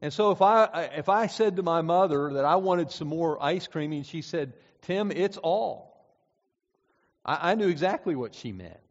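A man's voice: fairly high pitch, animated, normal speed, few pauses. A man from central Pennsylvania preaching a sermon, telling folksy stories with frequent restarts and "uh"s. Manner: folksy storytelling with many restarts and "uh"s. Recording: dull sound with long hall reverb.

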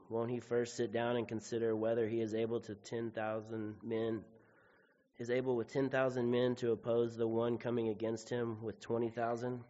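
A man reads a scripture passage aloud in a steady, measured delivery, with very little rise and fall in his pitch. His voice is at a middle pitch for a man. The sound is muffled and carries a long reverb. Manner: steady, even reading. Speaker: scripture reader. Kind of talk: scripture reading.

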